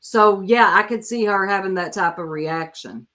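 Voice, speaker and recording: A woman's voice: mid-range voice, moderate pace, a bit bright. A woman hosting a casual live reaction stream, chatting and talking straight to her viewers. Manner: chatty, addresses viewers directly.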